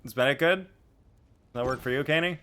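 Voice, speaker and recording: A man streaming a game, chatting casually and excitably with his viewers. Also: medium pitch, quick pace, slight background noise. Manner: excitable, jokey, reacting to chat. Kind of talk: casual live-stream chat.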